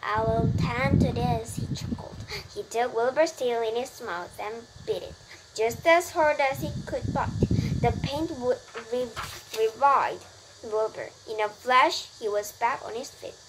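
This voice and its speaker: A woman whose first language is Korean reads an English children's novel aloud slowly and carefully, backing up to restart words she trips on. Her voice sits fairly high, and clear background noise runs under the home recording. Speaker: parent reading to a child.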